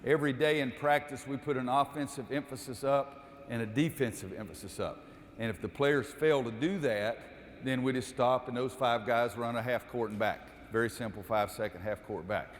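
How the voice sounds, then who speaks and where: A basketball coach leads a clinic in a gym, shouting quick cues to players running drills. Between drills he turns and explains the defense plainly to the audience. His voice carries a long reverb off the hard walls, with faint room noise underneath. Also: medium pitch.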